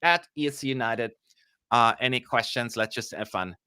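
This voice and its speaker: Reading out questions from viewers, a German live-stream host keeps up chatty, self-deprecating commentary laced with dry sarcasm. He speaks at a normal pace in a mid-range voice that is bright, forceful and smooth, with no echo at all.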